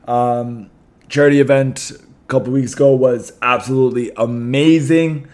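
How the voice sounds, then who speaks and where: Slightly hoarse man hosting a podcast. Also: mid-range voice, fairly even intonation, normal speed, darkish tone. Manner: chatty, many ums and restarts. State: losing his voice a little. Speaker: podcast host. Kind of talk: casual podcast talk.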